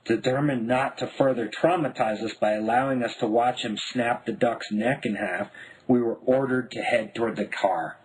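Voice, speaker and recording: A man from Denver narrating his own memoir in a wry, deadpan voice. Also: mid-range voice, moderate pace, slightly rough, low-quality recording. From Denver, United States. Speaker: memoir author.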